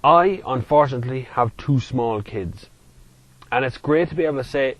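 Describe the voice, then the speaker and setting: A man giving running commentary while driving, excitable and given to whoops and laughter. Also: mid-range voice, moderate pace, no echo, low-quality recording. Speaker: car reviewer. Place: inside a moving car. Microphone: in-car mic while driving. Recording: loud car engine and road noise.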